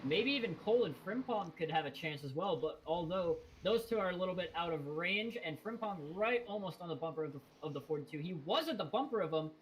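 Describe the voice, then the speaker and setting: Casual higher-pitched male race commentator. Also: lively intonation, fairly quick, hardly any pauses, poor audio. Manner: casual, rambling with fillers and self-corrections. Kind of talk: sim racing commentary.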